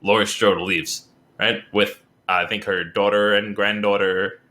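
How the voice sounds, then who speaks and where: A man co-hosting a podcast in casual chat, animated and laughing often. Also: lowish voice, a little slow. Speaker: podcast co-host.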